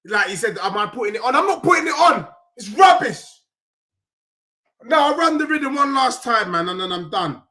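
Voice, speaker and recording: A man ranting heatedly about football in street slang, often shouting. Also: very high-pitched, big pitch swings, moderate pace. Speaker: football fan channel host. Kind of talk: angry fan rant with sung parody.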